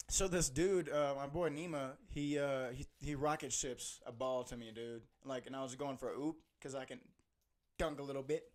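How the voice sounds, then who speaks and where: A young man hosting a podcast, telling an animated story with lots of laughing and "bro". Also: mid-range voice, moderate pace. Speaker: podcast host. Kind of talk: casual storytelling chat.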